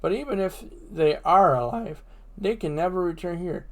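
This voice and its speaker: A man's voice: high-pitched, moderate pace. A man reading as a weary old lighthouse keeper. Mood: grave.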